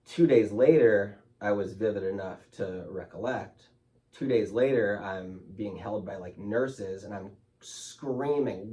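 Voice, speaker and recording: A man's voice: on the low side, unhurried, warm tone, recorded from a distance. A man speaking as a guest in an interview, telling his story candidly and emotionally, loose with fillers like "like" and "you know".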